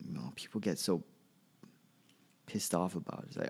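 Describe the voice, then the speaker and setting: A man's voice: deep voice, lively intonation, normal speed, vocal fry, long pauses, a little mellow, breathy edge. A male comedian talking alone on his podcast, rambling and offhand, often trailing off and restarting his sentences. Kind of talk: solo podcast monologue.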